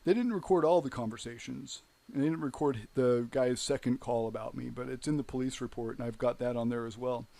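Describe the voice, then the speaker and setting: A man's voice: mid-range voice, steady tone, brisk, vocal fry, few pauses, warm tone. A man hosting his own show, telling a story in a rambling, heated monologue full of "you know". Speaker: show host.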